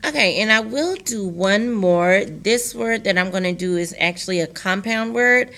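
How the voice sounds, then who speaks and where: A female teacher speaks directly to young pupils in a recorded lesson, slowly pronouncing words syllable by syllable. She has a medium-pitched voice that is a bit bright.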